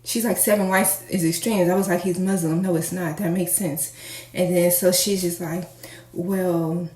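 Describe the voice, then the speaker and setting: A woman casually telling a personal story to her viewers, candid and animated as she acts out the dialogue. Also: on the low side, moderate pace. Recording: echoey room, faint noise.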